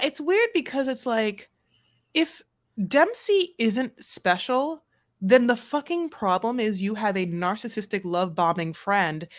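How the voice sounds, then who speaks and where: Woman co-host, slightly high voice, emphatic and rambling, dry close recording. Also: fairly bright tone, no echo. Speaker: podcast co-host. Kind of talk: casual recap chat.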